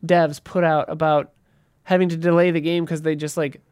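A woman's voice: low voice, little pitch movement, moderate pace, darkish tone, clear, resonant tone, no room sound, clean studio sound. A woman from the Midwest in casual podcast chat, chatty and full of "like", swearing casually. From American Midwest.

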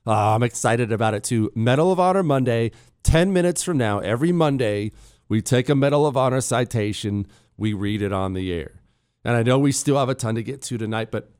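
A man's voice: mid-range voice, expressive, a little fast, a little mellow, clean tone, no room sound, clean studio sound. A man hosting a talk radio show, speaking in a blunt, sarcastic, conversational way while losing his voice. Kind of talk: opinionated talk radio monologue. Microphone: studio microphone.

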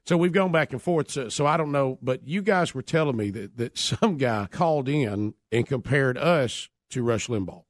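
A man's voice: medium pitch, lively intonation, moderate pace, few pauses, dry recording, studio quality. A male radio host with a Southern accent who chats casually and rambles with many restarts.

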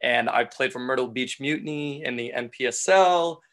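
A man's voice: mid-range voice, normal speed, fairly bright tone. A man in his thirties, a former footballer from England who grew up in Sweden, talking in an easygoing, rambling way with lots of fillers as a podcast guest. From England, raised in Sweden. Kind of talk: casual interview chat.

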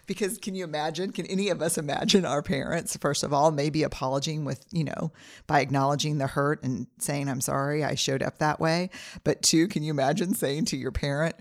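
A woman's voice: low-pitched, fairly even intonation, brisk, dry recording, clean studio sound. Earnest woman podcaster sharing family advice. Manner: earnest, personal, listing steps with anecdotes. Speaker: podcast host. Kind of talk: reflective solo podcast talk.

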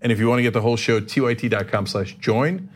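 A man's voice: medium pitch, fast. A man hosting a show, telling comic stories in casual chat, laughing often and acting out the people he quotes. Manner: animated storyteller, laughs often, acts out quotes. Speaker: show host.

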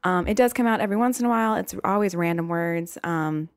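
A woman's voice: on the low side, fast talker, clear, resonant tone, no room sound. Young woman podcast host from Virginia, self-deprecating and profane, dry recording. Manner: rambling, profane, self-deprecating, many fillers. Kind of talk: casual storytelling chat.

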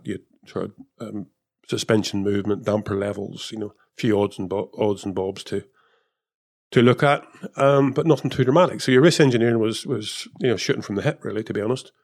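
In a casual interview, a man who once worked as an F1 technical director and race engineer speaks fairly quickly in a fairly low, creaky voice. His talk wanders, full of fillers and false starts.

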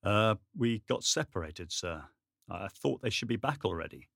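A drained young soldier mutters low and flat, barely lifting his voice. A man acts him out, read close in a dead, dry room. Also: normal speed, creaky, dry recording, heavily acted. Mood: listless. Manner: listless monotone, subdued. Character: exhausted young male soldier in shock.

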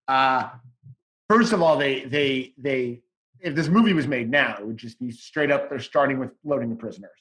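A man's voice: mid-range voice, moderate pace, fairly bright tone. A man as a podcast guest, chatting casually in a rambling, enthusiastic way and swearing now and then.

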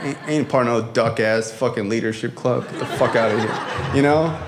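A man's voice: medium pitch, brisk, noisy background. A man telling a personal recovery story to a live audience, in a casual, profane, slangy way with frequent fillers. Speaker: speaker sharing a recovery story.

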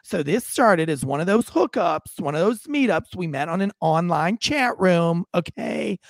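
A man's voice: sits high, animated, measured pace, gravelly, dry recording, studio quality, exaggerated voice. A man voicing a casual, nonchalant adult man who bluntly defends himself while telling a story. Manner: laid-back, blunt, matter-of-fact.

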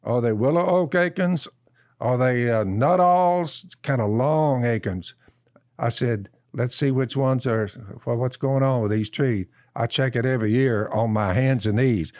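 Man, folksy storyteller, mid pitch, dry close sound. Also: a little mellow, no echo. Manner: slow, drawn-out storyteller who keeps repeating "I said". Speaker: podcast co-host. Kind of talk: folksy storytelling and Bible teaching.

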